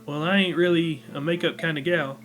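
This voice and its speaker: A bashful young country woman who talks in short, hesitant bits, read by a man in a fairly high voice. Faint game music sits behind her. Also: steady tone, a bit bright, natural voice. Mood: guarded, flustered. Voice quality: rural, halting. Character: shy, plain-spoken young country woman.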